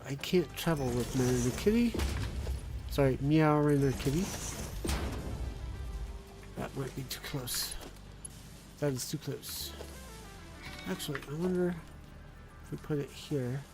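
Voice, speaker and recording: Over music, a man with a medium-pitched voice at normal speed streams a building game from a home room, muttering to himself as he works and chatting with his cat and viewers. It's casual stream talk on a close desk microphone.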